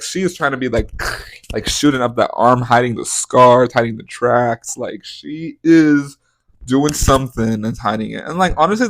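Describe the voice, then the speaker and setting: A man's voice: mid-range voice, no echo. A young man hosting a podcast, giving casual, profane celebrity gossip commentary with dramatic, exaggerated outbursts. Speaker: podcast host.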